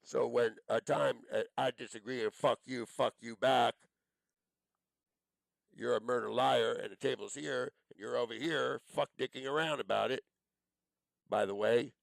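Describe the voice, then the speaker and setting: Gravelly guy ranting and cussing at someone, dry close sound. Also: mid-range voice, fairly even intonation, normal speed, no echo, rough recording. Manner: accusing, cursing, rambling. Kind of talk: angry profane monologue.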